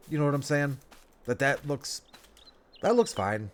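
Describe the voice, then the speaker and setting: A man, sounding stuffed up, giving relaxed, rambling commentary over a game as a let's play host, talking half to himself with folksy phrases. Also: mid-range voice, normal speed. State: stuffed up nose. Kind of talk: casual gameplay commentary.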